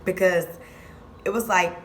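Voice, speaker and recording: A woman's voice: lowish voice, fairly even intonation, measured pace, a little hiss or hum. A young woman vlogger telling a story in casual, slangy speech, repeating lines for emphasis.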